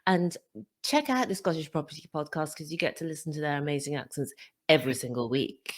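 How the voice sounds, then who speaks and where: A woman's voice: deep voice, a little fast. Upbeat woman hosting a podcast. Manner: upbeat, chatty welcoming. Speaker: podcast host.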